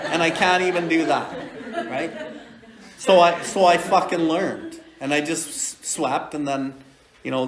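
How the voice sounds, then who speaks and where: A man's voice: a little high, echoey room, noisy background. Profane storytelling man in his forties. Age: 40s. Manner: blunt, profane, laughing as he tells it. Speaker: recovery podcast host. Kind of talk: casual storytelling.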